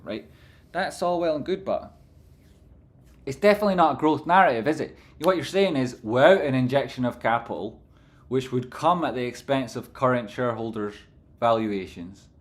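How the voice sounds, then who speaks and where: A man commentating stock charts on a live stream, rambling and swearing casually while reading out viewer messages. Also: mid-range voice. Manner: casual and profane, reads chat aloud; rambling, animated.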